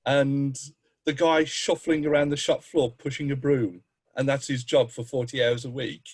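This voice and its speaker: A man on a game-mastering panel speaking in a halting way with many restarts. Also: medium pitch, little pitch movement, breathy edge. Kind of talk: panel discussion chat.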